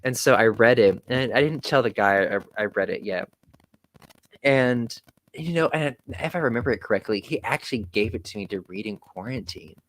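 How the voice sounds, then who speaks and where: A young man telling stories in a casual chat, animated, quoting people, swearing and laughing often. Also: medium pitch, moderate pace, a little hiss or hum, poor audio. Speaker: podcast guest.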